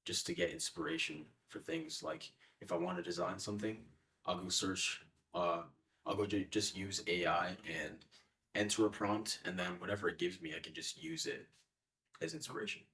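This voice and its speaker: Young guy with a low voice, lots of ums, kinda far from the mic. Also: sing-song, normal speed, gravelly, a bit bright. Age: young adult. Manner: hesitant, with frequent fillers. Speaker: interviewee. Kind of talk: casual interview answers.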